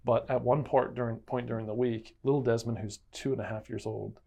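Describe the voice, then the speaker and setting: A man's voice: mid-range voice, steady tone, brisk, gravelly, dark tone. A man co-hosting a casual Bible-study chat, telling a story earnestly. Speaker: co-host.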